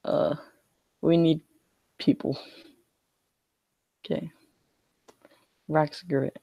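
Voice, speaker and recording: Young male streamer, whiny and mock-scared, gravelly, slow, a bit high. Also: flat delivery, warm tone, dry recording. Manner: whiny, mock-scared, self-pitying complaining. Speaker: gaming streamer. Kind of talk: live-streamed card game commentary.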